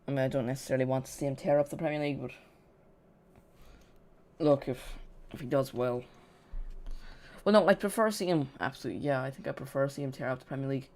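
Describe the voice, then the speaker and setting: A host talks through a live football match for viewers following along, in a loose, unscripted flow. The voice sits at an ordinary middle pitch, and sentences often restart midway. Dry, sarcastic asides land between the match talk. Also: fast talker, long pauses, darkish tone. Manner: chatty, self-correcting, dry sarcasm.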